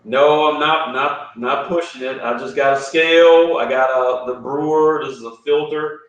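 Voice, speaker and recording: A man explains how he brews coffee in a relaxed, step-by-step way, dropping "man" into most lines. His voice is mid-pitched and sits far from the mic. The room around him is very echoey. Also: moderate pace, muffled recording. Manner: laid-back, explains step by step, says "man" a lot. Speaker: coffee roaster guest. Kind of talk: casual chat and brewing demo.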